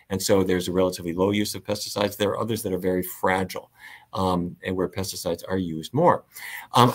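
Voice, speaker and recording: A middle-aged man, a physician guest, telling stories in a relaxed, animated way with frequent laughs. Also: sits low. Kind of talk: conversational storytelling.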